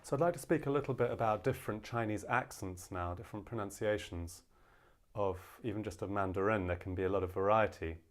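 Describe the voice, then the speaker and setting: Very low-voiced man teaching. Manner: explains with many fillers, demonstrates pronunciations louder and slower. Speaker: language teacher. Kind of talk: casual language lesson.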